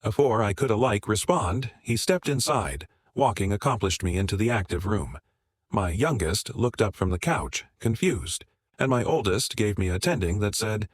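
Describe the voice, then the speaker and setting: A man narrating a first-person drama story in a steady, measured way. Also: on the low side, no room sound, studio quality.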